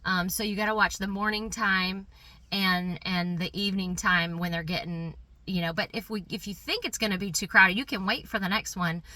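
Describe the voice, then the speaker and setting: Bright-voiced woman telling a story. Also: medium pitch, fairly even intonation, normal speed, no echo. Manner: chatty, many fillers, giggly. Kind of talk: personal anecdote.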